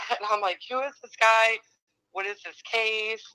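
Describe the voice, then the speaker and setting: A woman's voice: a little high, steady tone, unhurried, sharp tone, smooth, no room sound, low-quality recording. A woman from Indiana calling into a live stream, talking in a self-described Valley girl way full of ums and likes. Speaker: caller. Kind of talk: casual phone-in chat. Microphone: phone.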